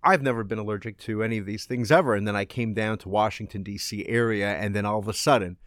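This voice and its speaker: A man co-hosts a podcast with a stuffed-up, congested voice, speaking at an ordinary mid pitch. His delivery is casual and dryly joking, recorded close and dry. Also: fast talker, fairly bright tone, no echo. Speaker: podcast co-host. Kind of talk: casual chat.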